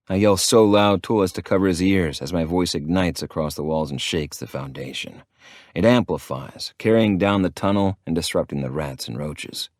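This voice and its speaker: Deep gruff guy reading an audiobook in first person, swears a lot, dry close mic. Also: moderate pace, darkish tone, dry recording. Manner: gruff and profane. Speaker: audiobook narrator.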